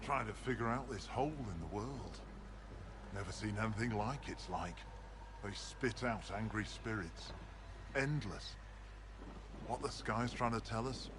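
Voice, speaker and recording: An actor playing a blunt, dry-witted male clan healer and mystic in a video game, speaking tersely and gruffly. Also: on the low side, animated, a little slow, long pauses, background noise. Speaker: game character.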